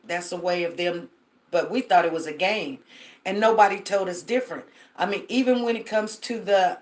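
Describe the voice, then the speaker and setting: Chatty woman hosting a live stream. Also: mid-range voice. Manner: chatty, storytelling, addresses viewers directly, many fillers. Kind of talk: casual live-stream chat. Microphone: phone.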